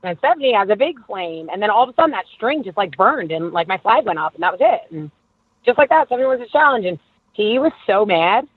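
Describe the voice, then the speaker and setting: A woman's voice: medium pitch, fast, husky, dry recording. Chatty woman on a tinny call. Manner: animated storyteller, acts out quoted dialogue, lots of "like". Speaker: guest, former reality show contestant. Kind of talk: casual interview chat. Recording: dry, tinny phone-like line.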